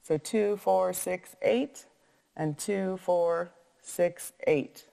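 A woman teacher reading a picture book aloud and pausing to count and ask math questions in an echoey room. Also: fairly low pitch, creaky, warm tone.

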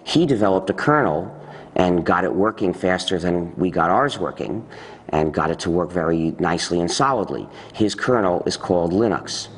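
A man with a lowish voice explains at length in a documentary interview. He speaks deliberately and steadily, and his pitch leaps upward whenever he stresses a point. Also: expressive, slightly rough, long reverb tail. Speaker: interviewee, software movement founder.

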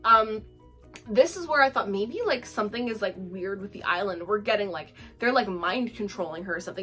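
A woman's voice: mid-range voice, a little fast, pushed and bright, soft background music. A young woman giving a casual, profane book review, full of fillers and laughter.

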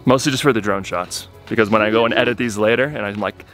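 A man's voice: on the low side, fast, fairly bright tone, soft background music. A man casually narrating his building work on a farm, easygoing and teasing. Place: building site under a metal roof, rain outside.

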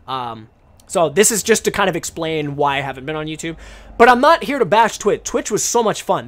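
Chatty young man, slightly high voice. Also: fairly bright tone. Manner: rambling, chatty, frequent restarts. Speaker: podcast host. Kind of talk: casual live-stream podcast chat.

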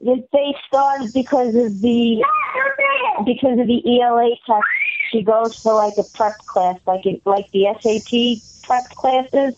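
A woman's voice: on the high side, fairly even intonation, a little slow, warm tone, a little hiss or hum. A mother calling in to a Bible study chat, speaking casually and unhurriedly. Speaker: caller, mother. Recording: dull, lo-fi line.

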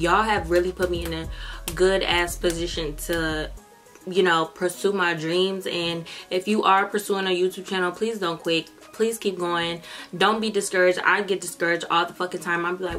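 A young woman vlogging casually, telling stories with lots of slang and cursing. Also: fairly low pitch. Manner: profane, animated, slangy storytelling. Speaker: YouTuber. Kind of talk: casual storytelling vlog. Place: indoors under bright lights.

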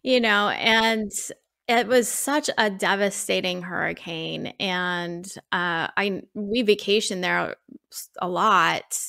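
Female interview host, mid pitch with a gravelly edge; affirming, conversational. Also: slow, no room sound, studio quality. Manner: warmly affirming, frequent short backchannels. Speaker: podcast host. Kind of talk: casual interview chat.

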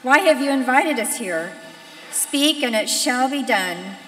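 A woman with a high, bright voice reads a scripture story to a congregation, narrating and quoting the characters. She sounds set back from the mic, in a large echoey sanctuary with a long reverb tail. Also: expressive, measured pace, faint music behind. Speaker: Megillah reader. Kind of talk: dramatic scripture reading to a congregation. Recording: echoey hall, voice distant from mic.

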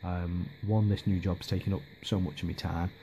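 Guy rambling about his hobby, low voice, lots of ums, faint noise behind. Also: little pitch movement, normal speed, mellow. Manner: hesitant, lots of ums and restarts. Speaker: miniature hobby vlogger. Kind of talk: casual rambling update.

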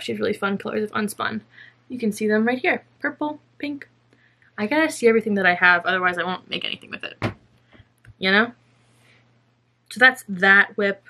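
A woman's voice: medium pitch, fairly bright tone. A young woman chatting casually to camera about her spinning and felting projects, rambling and self-mocking, now and then slipping into silly voices. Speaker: fiber craft podcaster.

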